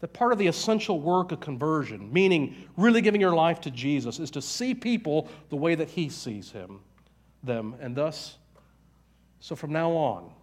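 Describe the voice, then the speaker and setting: Conversational man preaching, fairly high voice. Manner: conversational storytelling with many fillers and asides. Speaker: pastor. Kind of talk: sermon.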